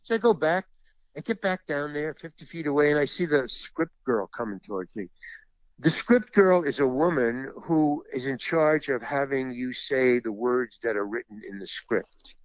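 A man's voice: mid-range voice, expressive, moderate pace, dry recording, muffled recording. A man who is an actor and stand-up comedian, telling an anecdote in an interview and acting out other people's lines.

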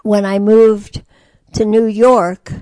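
An older woman from Detroit, a jazz singer telling stories in an interview, animated and acting out the voices of the people she quotes. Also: mid-range voice, slow, no echo. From Detroit, USA. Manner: lively storyteller who acts out quoted voices. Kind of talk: storytelling interview.

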